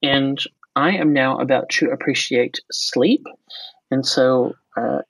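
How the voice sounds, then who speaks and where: A casual podcaster in their forties, from the United States, with an accent blended from American and Australian speech. The voice is gravelly and a little husky, and it rambles, jokes and fills gaps with ums. The sound is dry and close. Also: mid-range voice, fairly even intonation, slow pace, no echo, low-quality recording. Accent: mixed American and Australian. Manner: rambling, joking, lots of fillers. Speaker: podcast co-host.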